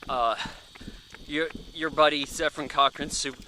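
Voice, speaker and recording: A man's voice: fairly high pitch, steady tone, measured pace, sharp tone, a little hiss or hum. A man in his thirties giving a casual, rambling movie review, chatty and offhand, thinking aloud with plenty of fillers.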